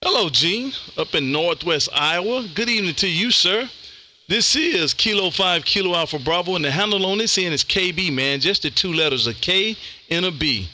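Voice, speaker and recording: Bright-voiced ham radio man. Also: high voice, lively intonation, normal speed, slight background noise. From Texas. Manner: laid-back, says "man" often. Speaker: ham radio operator streaming live. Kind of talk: casual radio chat and CQ calls.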